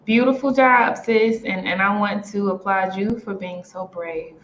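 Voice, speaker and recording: A woman's voice: mid-range voice, steady tone, a little slow. A woman hosts a live online event, speaking in an effusive, encouraging way. The sound is dull and lo-fi, with a faint hiss underneath. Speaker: event host. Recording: dull lo-fi audio with faint noise.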